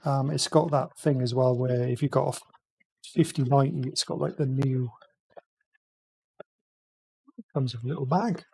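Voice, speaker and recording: A man muttering quietly to himself as he chats casually on a live stream, talking through a build. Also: medium pitch, steady tone, brisk, vocal fry, husky, dry recording, studio quality. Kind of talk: casual live-stream chat while working.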